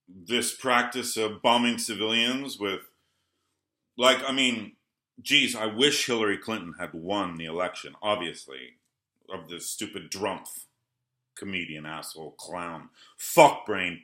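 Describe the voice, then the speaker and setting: A man vlogging a rambling early-morning monologue. He swings between low mutters and heated outbursts, swears, and keeps apologizing. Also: pushed and bright. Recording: roomy echo.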